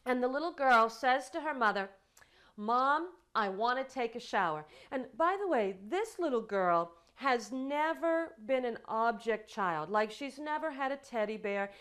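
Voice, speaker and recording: A woman's voice: high-pitched, moderate pace, few pauses, clean tone. Woman lecturing, storytelling style. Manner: storytelling with acted quotes, animated delivery. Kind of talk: classroom lecture on psychology.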